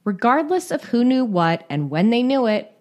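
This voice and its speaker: A woman's voice: fairly high pitch, very animated, normal speed, darkish tone. A woman co-hosting a podcast, reading a scripted music history with casual chatty asides. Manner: reads quotes aloud, breaks into laughter. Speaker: podcast co-host.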